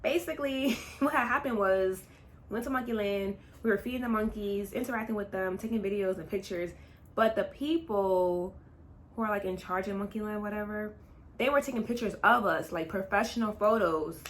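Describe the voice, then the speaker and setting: A young woman tells a storytime vlog with lively, dramatic energy. She talks straight to her viewers in a chatty way, rushing some parts and stretching others out. Her voice sits at a middle pitch. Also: slight background noise. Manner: dramatic retelling, swings between fast and drawn-out. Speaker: vlogger. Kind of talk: casual storytime.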